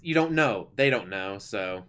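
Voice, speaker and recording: A man's voice: fairly low pitch, lively intonation, unhurried, a bit bright, clean tone. Rambling, enthusiastic man reviewing a show. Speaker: YouTuber reviewing an animated show. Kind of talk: casual spoken review.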